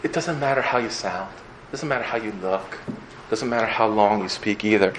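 A male pastor giving a sermon in a conversational, earnest way, with an animated delivery. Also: fairly low pitch, a little fast, a little hiss or hum, low-quality recording.

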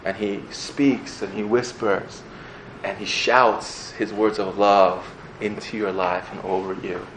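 A man's voice: fairly low pitch, level tone, slow pace, a bit bright, slight background noise, low-quality recording. A young man giving a casual, conversational sermon as a pastor, playfully acting out little scenes.

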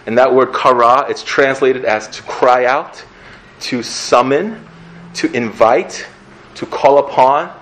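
A man's voice: mid-range voice, poor audio. Casual, earnest male pastor preaching. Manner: conversational, earnest, animated. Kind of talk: sermon.

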